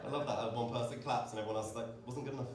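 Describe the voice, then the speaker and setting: A young man from doing a rambling, animated stand-up routine at a comedy pub. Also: medium pitch, racing, very noisy. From Bristol, England. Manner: animated, rambling storytelling full of "like" and laughter. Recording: echoey pub room, distant mic, loud crowd. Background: audience laughter.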